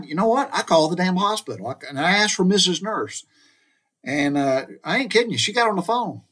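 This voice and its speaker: A man's voice: a little high, a bit bright. A middle-aged man from the United States telling a personal story in a folksy, colloquial way, addressing listeners directly. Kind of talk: casual spoken storytelling.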